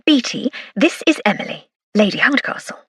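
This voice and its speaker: A chirpy, effusive Edwardian society lady, as a female narrator puts her on, leaps up high on her excited words. Her delivery is lively and theatrical, with a slightly husky edge, in a storybook reading. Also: moderate pace, no echo, clean studio sound. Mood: gushing. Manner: gushing, theatrical emphasis. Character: cheerful, effusive upper-class Edwardian lady.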